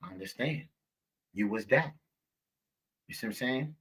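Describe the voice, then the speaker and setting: A man's voice: mid-range voice, moderate pace, a bit bright, husky. A man hosting a live stream, talking to viewers in a preachy, repetitive way and calling them baby, with speech. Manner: preachy, repeats himself, calls viewers baby. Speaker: live show host.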